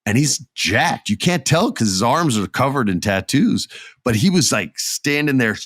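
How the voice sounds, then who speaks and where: A man in his thirties hosting a solo podcast, telling a story excitedly and acting out quotes. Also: medium pitch, moderate pace, no echo, clean studio sound. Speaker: podcast host.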